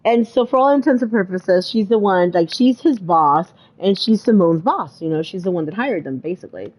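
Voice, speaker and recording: A woman's voice: medium pitch, lively intonation, moderate pace, a little mellow, rough recording. A woman co-hosting a podcast, chatting casually and retelling movie scenes with exclamations and fillers. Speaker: podcast co-host. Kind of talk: casual chat.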